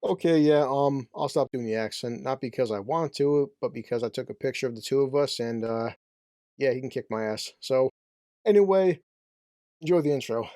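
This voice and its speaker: A man's voice: medium pitch, moderate pace, dark tone, no room sound, clean studio sound. Brash joking man reviewing a movie. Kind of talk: casual comedic review.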